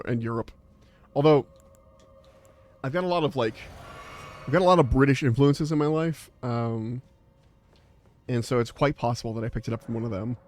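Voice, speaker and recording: A man's voice: mid-range voice, darkish tone. An American man chatting casually while he streams a game live, rambling with lots of fillers and laughing easily. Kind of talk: live gameplay commentary and chat.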